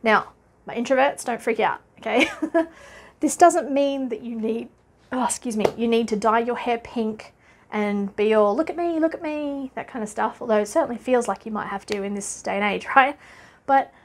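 A chatty Australian woman in her thirties, talking straight to camera as a business coach. Her voice sits a little high, and she laughs easily between points, with plenty of "uh"s. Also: normal speed, a little hiss or hum. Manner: chatty and upbeat, laughs often, many uh fillers. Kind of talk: casual talking-head vlog.

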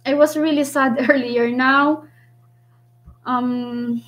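Slow, chatty Filipino woman vlogger. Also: sits high, steady tone, lo-fi sound. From Philippines. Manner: chatty, thinks aloud with many ums and pauses. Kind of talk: casual live-stream chat with viewers.

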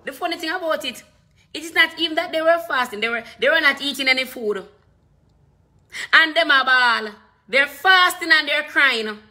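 A woman's voice: sits high, bright, forceful tone. A woman preaching a fervent, repetitive sermon with bursts of speaking in tongues.

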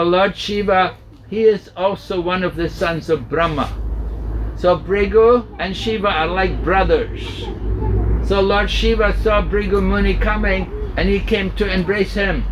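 Male spiritual teacher, patient slow storyteller at a home program, faint background noise. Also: on the high side, low-quality recording. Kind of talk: storytelling sermon. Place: home gathering indoors.

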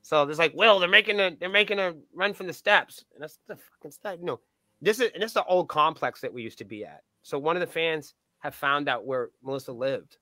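Man in his own voice, a raised-pitch, bright storyteller with a foul mouth, recorded close and dry; acts out every exchange. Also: a little fast, no echo. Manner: profane, animated storyteller acting out dialogue. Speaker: band's point of contact. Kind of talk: casual anecdote-telling in a podcast interview.

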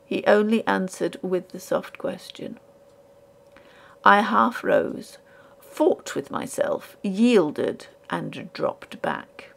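Female narrator for a ghost-story audiobook, lively pitch, gravelly edge, hushed whispery delivery. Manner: measured, hushed dramatic reading with whispered asides.

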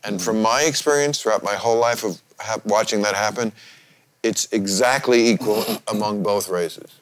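A man's voice: on the low side, normal speed, a little hiss or hum. A man hosting a podcast, chatting casually with wry, needling humor. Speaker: podcast host. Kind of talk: casual chat.

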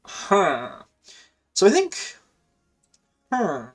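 A man riffs excitedly over his own gameplay in a casual, slangy stream of live commentary, reasoning out loud as he goes. He has a high-pitched voice, stretches his words out, and faint music plays behind him.

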